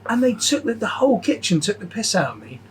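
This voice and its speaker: A man with a fairly high voice talks casually as a podcast co-host. He rambles through a story, swears freely and trips over his restarts, with faint noise behind him. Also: very animated, fast, low-quality recording. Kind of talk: casual chat.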